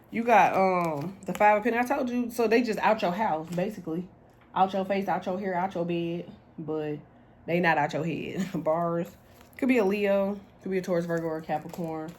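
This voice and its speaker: A woman's voice: fairly low pitch, a little mellow, slight background noise. A woman doing a casual tarot reading to camera, blunt and slangy, talking animatedly and laughing often. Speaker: tarot reader.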